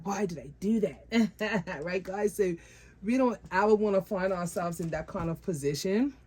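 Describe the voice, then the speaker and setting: A woman's voice: on the low side, mellow. A woman vlogger talking casually to her viewers about her doll collection, repeating phrases for emphasis and calling them guys.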